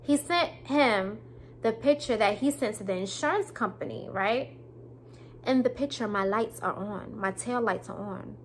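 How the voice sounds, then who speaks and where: A woman's voice: fairly high pitch, measured pace, slight background noise. A woman telling a storytime vlog in a casual, emphatic way, with speech and some preachy repetition. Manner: emphatic, preachy, repeats herself.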